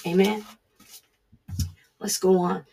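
A woman's voice: medium pitch, level tone, slow pace, mellow. A woman giving an earnest, conversational devotional Bible teaching, speaking encouragingly as a Bible study teacher.

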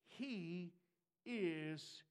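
A man preaching a sermon, dropping to hushed asides and then rising to shouted, fervent declarations. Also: high voice, drawn-out words, clean tone.

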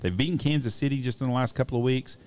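A man's voice: mid-range voice, very fast, a little mellow, slight background noise. A man co-hosting a casual sports podcast, blunt and profane. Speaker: podcast co-host.

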